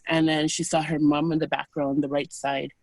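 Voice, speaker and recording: A woman as an interview guest, calmly recounting personal experiences in a soft, unhurried, hesitant way. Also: sits low, no echo. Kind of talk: personal storytelling in conversation.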